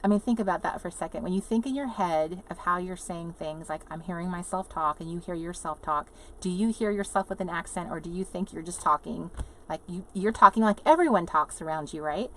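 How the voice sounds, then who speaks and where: A woman's voice: lowish voice, brisk, a bit bright, a little hiss or hum. Chatty woman livestreaming from an RV. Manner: chatty, rambling, laughs often, reads viewer comments aloud. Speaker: livestream host. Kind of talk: casual live chat with viewers. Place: inside an RV.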